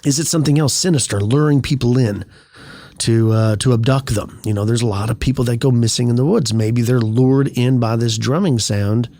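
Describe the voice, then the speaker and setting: A man's voice: mid-range voice, fairly quick, mellow, dry recording. A man with a mid-range voice talks in a dry, close-miked room. He chats casually on a podcast and muses aloud with one rhetorical question after another. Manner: musing, asks many rhetorical questions. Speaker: podcast co-host.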